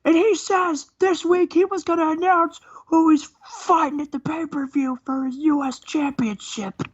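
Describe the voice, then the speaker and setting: A man's voice: very high voice, fairly even intonation, moderate pace, dull audio, voice pushed up. A man putting on the voice of a boastful, muscle-bound male wrestler cutting a cocky trash-talking promo during comedic game commentary. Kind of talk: comedic let's-play commentary.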